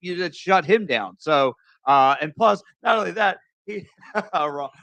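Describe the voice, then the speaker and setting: A man co-hosting a casual sports podcast, talking in a halting way with restarts. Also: high-pitched, lively intonation, vocal fry, sharp tone, no echo. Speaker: podcast co-host.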